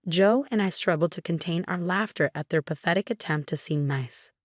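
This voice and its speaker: A woman narrating a first-person story in a steady, matter-of-fact way. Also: lowish voice, normal speed, no echo, studio quality.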